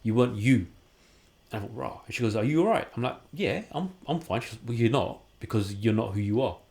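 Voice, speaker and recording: Fast-talking man in his forties. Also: medium pitch, expressive, gravelly, a little mellow. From London, England. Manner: casual, acts out quoted dialogue in his stories. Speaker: podcast guest. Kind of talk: candid personal storytelling.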